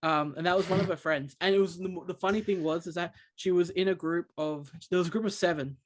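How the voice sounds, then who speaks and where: Podcast co-host, man, slightly higher pitch, chatty rambling storyteller. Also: fairly even intonation, fast talker. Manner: rambling storyteller, many restarts. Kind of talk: casual chat.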